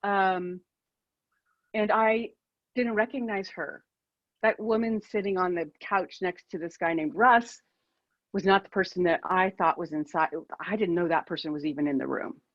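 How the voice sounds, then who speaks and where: A woman's voice: fairly low pitch, moderate pace, no room sound, highs cut off. A woman in her fifties, a keynote speaker, telling a personal story over a video call in a candid, self-deprecating way.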